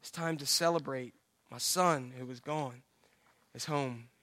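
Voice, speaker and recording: A middle-aged man preaching a sermon, telling the story with lively acted-out voices and humor. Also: medium pitch, unhurried, dry recording. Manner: animated storytelling, acts out the father's voice. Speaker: pastor.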